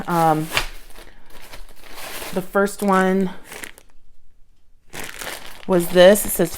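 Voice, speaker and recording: A woman chatting casually about her bead haul at home, gushing and excited over each find. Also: fairly low pitch, a little hiss or hum. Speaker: bead jewelry vlogger. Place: at home with her dog nearby.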